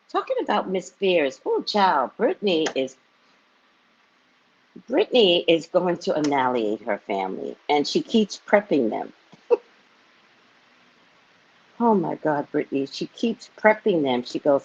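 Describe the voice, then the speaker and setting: A woman's voice: deep voice, very animated, measured pace, long pauses, darkish tone, slightly rough. A woman live-streaming as a psychic reader, chatting casually and telling a story, laughing often and acting out the people she quotes. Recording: dull lo-fi stream audio.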